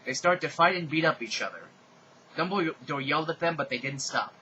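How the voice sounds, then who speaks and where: Bright-voiced deadpan male reader. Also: on the high side, fairly quick, lo-fi sound, a little hiss or hum. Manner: deadpan with sarcastic asides. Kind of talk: mocking dramatic reading.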